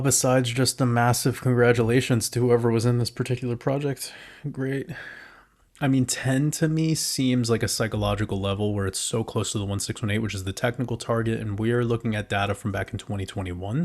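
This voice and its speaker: A man with a lowish voice walks through price charts in loose, unscripted commentary. He swears freely and breaks into excited outbursts as he talks. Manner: casual and profane, with excited outbursts. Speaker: crypto market commentator. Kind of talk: casual chart analysis commentary.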